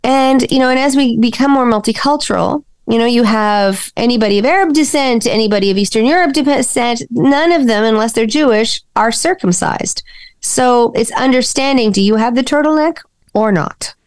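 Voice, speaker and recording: A woman's voice: fairly high pitch, moderate pace, dry recording, studio quality. Frank woman podcast co-host. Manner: frank, blunt. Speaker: podcast co-host, sex educator. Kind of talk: casual chat.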